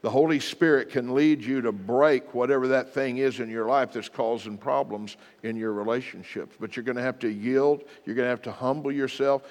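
A man's voice: mid-range voice, normal speed, few pauses, a little mellow. Earnest man preaching in a reverberant hall. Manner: earnest, plain-spoken preaching with repeated exhortations. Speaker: pastor. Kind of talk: sermon.

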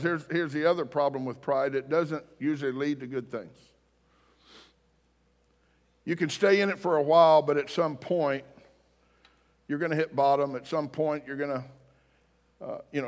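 Moving at a moderate pace with fairly even intonation, a pastor with a slightly high voice tells stories during his sermon. His tone is casual, conversational and self-deprecating, recorded in a church sanctuary with a long hall reverb.

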